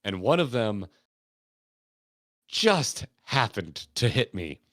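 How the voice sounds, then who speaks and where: A man's voice: on the low side, very animated, takes it slowly, a bit bright, no echo, studio quality. An American man from Florida hosting a podcast, telling stories in a rambling, laid-back way, laughing and swearing casually. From Florida, United States. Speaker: podcast host.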